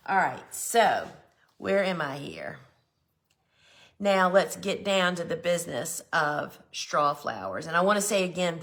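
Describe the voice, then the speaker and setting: A woman's voice: on the low side, vocal fry, fairly bright tone. A woman, hosting a live flower gardening show, chatting casually and enthusiastically as she shows seed sets. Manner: chatty, enthusiastic, says "y'all" often. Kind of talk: casual live shopping chat.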